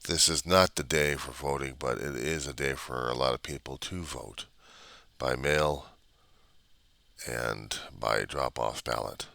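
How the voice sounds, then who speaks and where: A man with an extremely low, gravelly voice that still comes across bright and forceful. He rants in an agitated, repetitive way, piling up rhetorical questions. The recording is dry and close, with no room sound. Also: a little slow, no room sound. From United States. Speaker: vlogger. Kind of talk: ranting monologue. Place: apartment.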